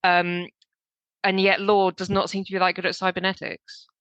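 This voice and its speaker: A woman with a lower, bright, crisp voice co-hosting a podcast. She offers measured, thoughtful points between quick quips. The sound is dry and close. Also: monotone, dry recording, muffled recording. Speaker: podcast co-host. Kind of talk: casual chat.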